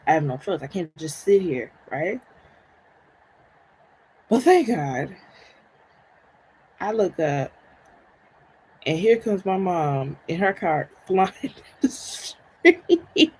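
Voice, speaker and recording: A woman's voice: fairly low pitch, big pitch swings, takes it slowly, pauses often, a little mellow, slightly rough, poor audio. A woman hosting a live stream, chatting casually through a personal story, laughing often and checking in with "right?" and "okay?".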